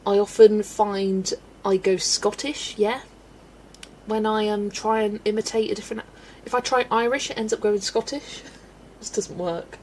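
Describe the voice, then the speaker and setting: A woman's voice: medium pitch, fairly even intonation, moderate pace, a little mellow, slight background noise. Giggly woman chatting on stream. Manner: giggly, chatty, answers chat. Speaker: livestream host. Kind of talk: casual chat while colouring.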